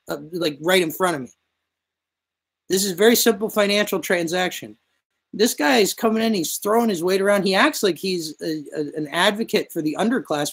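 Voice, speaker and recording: A man's voice: sits high, moderate pace, a bit bright, breathy edge, poor audio. A man on a casual podcast telling a long, profanity-laced anecdote in a rambling way. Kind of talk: casual storytelling chat.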